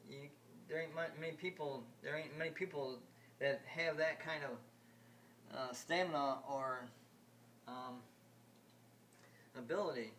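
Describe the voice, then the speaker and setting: A man making a casual home video about video games, talking in a halting, repetitive way with many restarts. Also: fairly high pitch, fairly even intonation, fairly bright tone, slight background noise. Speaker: video game vlogger. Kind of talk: rambling home video chat.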